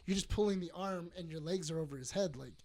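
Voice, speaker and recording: Quick storyteller on a podcast. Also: medium pitch, a little mellow. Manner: fast-paced anecdote telling. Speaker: podcast co-host. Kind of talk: casual chat.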